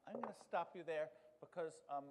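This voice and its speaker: A man's voice: on the high side, very noisy. A man moderating a town meeting, calling speakers and firmly keeping the discussion on procedure. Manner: procedural, firm, slightly halting with fillers. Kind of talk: chairing a public meeting. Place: large meeting hall. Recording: long hall reverb.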